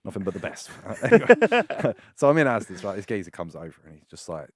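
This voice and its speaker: British male podcast guest, lower voice with a lively pitch, acts out the lines of people in his stories, dry close mic. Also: a little fast, no room sound. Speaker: adult film performer and producer. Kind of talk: casual storytelling.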